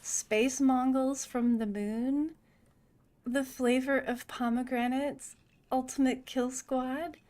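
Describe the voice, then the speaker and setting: A woman voicing a pushy, oily male film boss in a game, with a high nasal voice and a rough put-on New York accent. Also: steady tone, slow pace, darkish tone. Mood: wheeling-dealing. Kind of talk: reading game dialogue aloud.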